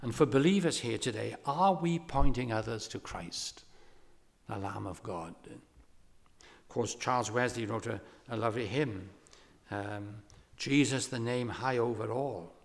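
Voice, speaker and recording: A man preaching a sermon, telling a story with lively emphasis and pressing his hearers with questions. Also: medium pitch, a little slow, vocal fry. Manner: animated storytelling preacher, rising to impassioned exhortation. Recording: long hall reverb.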